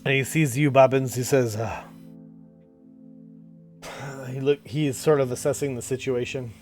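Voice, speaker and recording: A man's voice: mid-range voice, fairly even intonation, normal speed, a little mellow, faint music behind. A man narrating as game master in a tabletop game, casual and full of fillers.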